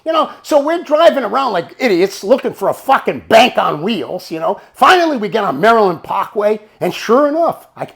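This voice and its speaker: Older man, storyteller, casual, profane, lively rising and falling pitch. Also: normal speed, vocal fry, few pauses. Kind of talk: casual anecdote.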